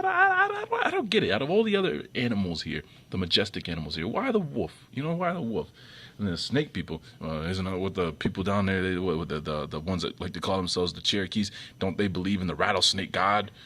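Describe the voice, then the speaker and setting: A man's voice: vocal fry, slightly rough. A man giving an off-the-cuff commentary monologue, rambling with many restarts and repeated words, his voice often jumping up sharply when irritated. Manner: irritated, sharp jumps up in pitch and loudness. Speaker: video commentator.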